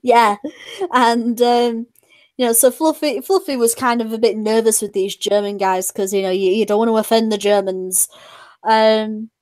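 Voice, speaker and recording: A woman's voice: on the high side, steady tone, normal speed, darkish tone, no echo. A British woman streamer telling stories in casual chat, rambling with many fillers and restarts. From Britain.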